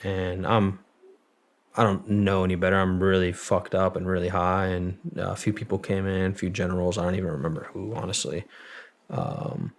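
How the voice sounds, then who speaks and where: A man's voice: low voice, flat delivery, normal speed. A man telling a personal story as an interview guest, rambling and swearing freely. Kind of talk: casual storytelling.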